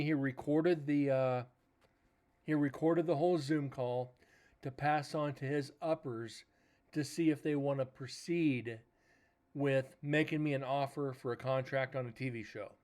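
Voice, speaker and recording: A man's voice: mid-range voice, steady tone, moderate pace, a little mellow. Rambling, cursing man telling a story. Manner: rambling, swears, retells talks in quoted dialogue. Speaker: paranormal show host. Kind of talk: casual storytelling on a livestream.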